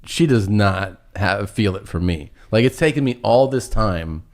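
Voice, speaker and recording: A man with a very low voice tells a rambling anecdote in casual podcast chat. His pitch swings widely, and he often breaks into laughter mid-sentence. He sounds middle-aged. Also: expressive, a little mellow. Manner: laughs through his own story, drawn-out pauses. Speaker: podcast guest telling a story.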